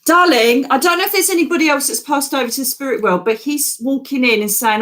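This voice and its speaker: A woman with a slightly high voice talks through psychic readings on a livestream. She is chatty and affectionate and keeps calling viewers darling. It sounds like a casual home broadcast. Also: quick pace, a bit bright. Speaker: psychic medium host. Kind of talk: live psychic reading chat.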